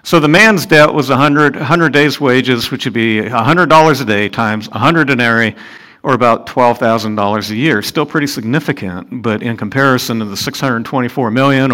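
Male pastor, sermon delivery, mid-range voice, earnest and questioning, builds up on emphasis. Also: a bit bright. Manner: earnest, rhetorical questions to the congregation; rises in pitch and volume for emphasis. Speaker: preacher. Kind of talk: sermon, expounding scripture.

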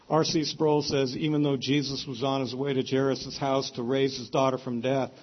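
A man's voice: slightly rough, lo-fi sound. A man preaching a sermon, telling the story and acting out the characters' lines with sudden bursts of emotion. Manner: animated storytelling, voices the characters with sudden rises in pitch.

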